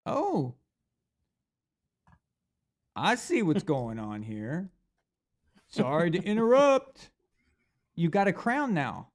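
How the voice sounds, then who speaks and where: A man's voice: a little high, wildly swooping pitch, slow, pauses often. A man hosting a live sports reaction stream, talking casually and animatedly. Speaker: sports show host.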